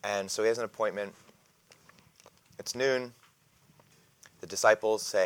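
A man leads a relaxed Bible lesson in a lower-pitched voice. He talks in a halting, conversational way, with many fillers and restarts. He often stops to clear his throat. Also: no room sound. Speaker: Bible class teacher.

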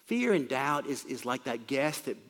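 A man's voice: mid-range voice, very animated, moderate pace, fairly bright tone, in a large hall. A man preaching a sermon, explaining scripture in a plain, conversational way.

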